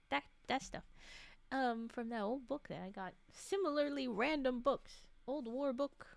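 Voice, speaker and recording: High-voiced chatty woman streamer. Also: creaky, no echo. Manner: rambling and chatty, with many restarts and quick laughs. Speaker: livestreamer reading stories. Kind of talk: casual chat with live viewers.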